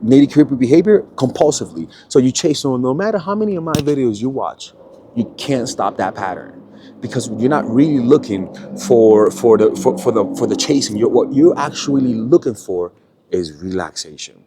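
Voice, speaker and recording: A man giving a casual coaching monologue, animated and profane, checking in with the listener with "right?" after nearly every point. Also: mid-range voice, normal speed, noisy background. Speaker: dating coach.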